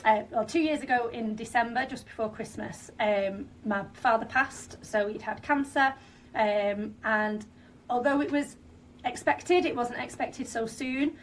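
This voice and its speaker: A woman's voice: a little high, measured pace, slight background noise. Northern English woman, 30s, podcast guest; talkative, full of fillers, slightly distant from the mic. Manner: chatty, many fillers and restarts. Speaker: franchisee guest. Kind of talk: podcast interview.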